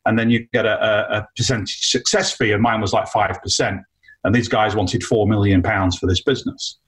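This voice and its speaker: A man, an entrepreneur guest, telling an animated story about his career in a casual, chatty way with frequent fillers. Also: lowish voice, brisk, rough recording. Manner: animated anecdote with many fillers.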